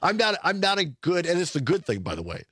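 A man's voice: sits high, wildly swooping pitch, fast talker, bright, forceful tone, husky, dry recording. A middle-aged man hosting a radio talk show, chatting casually with frequent chuckles and self-corrections. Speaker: radio host. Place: radio studio. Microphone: studio mic.

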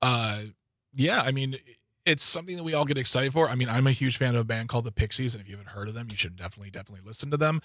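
Racing through casual on-air chat, a male radio host trades lively, playful jabs with his co-host, his middle-range voice jumping higher when he teases. Recorded on a studio mic, the sound is close and dry with no room tone.

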